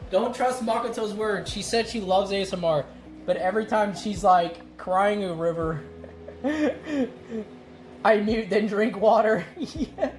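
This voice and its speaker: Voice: medium pitch, expressive, slow pace. Laughing, rambling streamer over noisy audio. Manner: rambling, chatty, laughs often. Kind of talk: casual live-stream cooking chat. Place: home kitchen.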